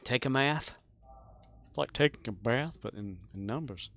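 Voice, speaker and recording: Streamer guy, gravelly and loose, jokey self-deprecating asides while he plays. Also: mid-range voice, lively intonation, unhurried, a bit bright. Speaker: game streamer. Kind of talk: casual live-stream chat while gaming.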